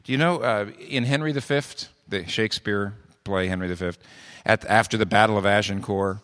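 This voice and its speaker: Male pastor, lowish voice, conversational sermon full of rhetorical questions, reverberant sanctuary sound. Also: normal speed, a bit bright. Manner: conversational preaching with frequent restarts and rhetorical questions.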